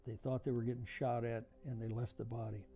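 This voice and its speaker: An older man, a veteran, recounting his memories in a halting, reflective way with frequent "uh" fillers. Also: mid-range voice, flat delivery, mellow. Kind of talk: oral history storytelling. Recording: music playing under voice. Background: music.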